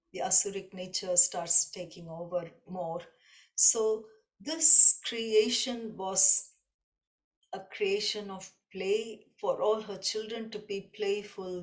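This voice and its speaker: A woman teaching a devotional class, explaining slowly and reflectively and often repeating a point in new words. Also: mid-range voice. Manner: slow, reflective, gently repetitive explanation. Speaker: spiritual teacher.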